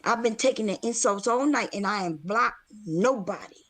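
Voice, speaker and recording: A woman's voice: mid-range voice, lively intonation, moderate pace. A woman guest on a livestream, talking brashly and teasingly with lots of cursing, a bit out of breath. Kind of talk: casual livestream chat.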